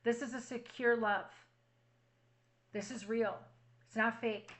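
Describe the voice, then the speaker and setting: Woman doing a tarot reading, brightish higher voice, keeps repeating reassuring stuff. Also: steady tone, slow, poor audio. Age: adult with a child at home. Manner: earnest, reassuring, repeats affirmations. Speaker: tarot reader. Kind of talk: spiritual tarot reading to viewers.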